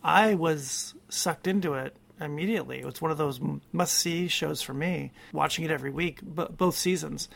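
A man co-hosting a podcast, chatting casually in a reflective way, often pausing to search for words. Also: fairly high pitch, gravelly, a bit bright. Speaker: podcast co-host. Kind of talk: casual chat.

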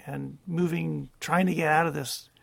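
A man co-hosting a podcast, chatting casually in a reflective way, often pausing to search for words. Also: a little high, fairly even intonation, gravelly. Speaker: podcast co-host. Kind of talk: casual chat.

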